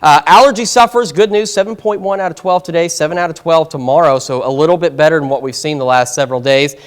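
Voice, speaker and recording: A man's voice: fairly high pitch, quick pace. A man giving a live morning TV weather forecast, chatty and a bit flustered, out of breath. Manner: flustered, chatty, self-interrupting. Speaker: weather anchor. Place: TV news studio.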